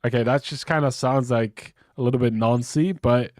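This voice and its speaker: In studio-quality audio with no echo, a young man with a stuffy nose talks casually while streaming a game. His medium-pitched, darkish voice stays steady at a moderate pace, though he rambles, swears frequently, and restarts sentences.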